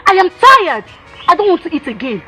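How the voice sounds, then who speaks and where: An actress with a Nigerian English accent playing a fed-up young wife who scornfully complains about poverty and craves wealth. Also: female voice, very high-pitched, sing-song, a little fast, pushed and bright, a little hiss or hum, heavily acted. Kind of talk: film drama acting.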